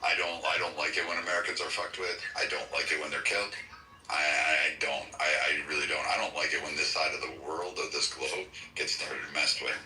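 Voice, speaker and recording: A man's voice: rumbling low, steady tone, brisk, bright, forceful tone. A man talking casually in an angry, profane rant. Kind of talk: casual talk. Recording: echoey, distant mic, faint music.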